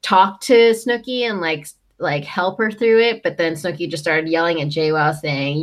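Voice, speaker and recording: A woman's voice: low voice, moderate pace, few pauses. Chatty young woman, lots of fillers. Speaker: co-host recapping a reality show. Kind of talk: casual chat.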